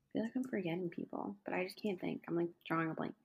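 A woman's voice: fairly low pitch, steady tone, quick pace, gravelly. A young woman talking casually in an interview, chatty, with lots of fillers. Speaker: interview guest, culinary school graduate.

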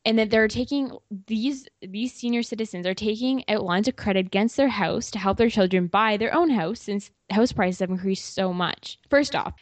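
A woman's voice: mid-range voice, no echo. Woman host asking money questions. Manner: reads questions from notes, with fillers. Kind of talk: interview questions.

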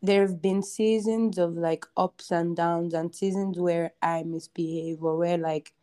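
A young woman speaks as a podcast guest in a mellow, warm, low voice. She thinks out loud in an easygoing way and scatters fillers through her sentences. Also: unhurried, clean tone. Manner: relaxed, reflective, filler-heavy. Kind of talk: casual chat.

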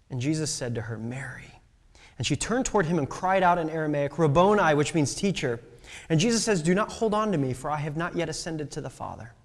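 A male pastor preaching a sermon, telling a story with quoted voices and swinging between loud outbursts and hushed whispers. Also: a little high.

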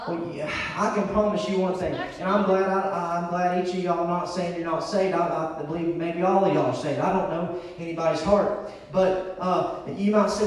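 A man's voice: high-pitched, normal speed, a crowd in the background. A man preaching a fervent revival sermon in a church, with rhythmic repeated phrases. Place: church sanctuary. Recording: echoey church from far off.

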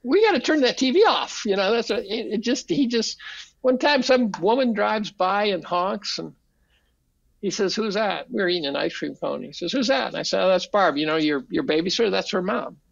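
Older man, gravelly voice, dry close sound, animated profane storytelling. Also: high voice, brisk, no room sound, dull audio. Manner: animated, profane, acts out quotes. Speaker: podcast guest. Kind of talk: casual storytelling.

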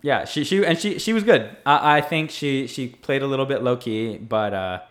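A man co-hosts a casual podcast. He tells stories with lots of energy and throws his voice higher when he acts out what people said. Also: moderate pace. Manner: animated storyteller, acts out quotes in raised voices. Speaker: podcast co-host. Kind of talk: casual chat recapping a reality show.

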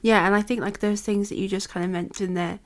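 Chatty woman cohost on a faith podcast, says like a lot, mid pitch. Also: steady tone, fast talker. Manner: chatty, lots of "like" fillers, affirming. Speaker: podcast co-host. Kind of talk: faith-based conversational podcast.

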